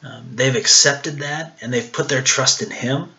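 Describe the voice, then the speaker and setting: Man, casual devotional talk, earnest, hesitant fillers, bright voice, soft near-whispers. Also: mid-range voice, measured pace, vocal fry, lo-fi sound. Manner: earnest, warm, with many ums and repeats; drops to near whispers on intimate words.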